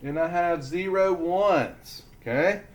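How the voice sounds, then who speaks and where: A man teaching a lesson to young children, speaking slowly and deliberately as he sounds out letters and syllables. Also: high-pitched, dull audio.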